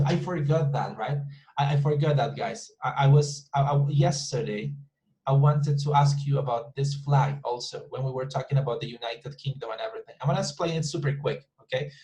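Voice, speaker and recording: A man's voice: medium pitch, moderate pace, warm tone, low-quality recording. Man teaching an English class. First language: Spanish. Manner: repeats words to model pronunciation, many restarts. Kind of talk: online class explanation.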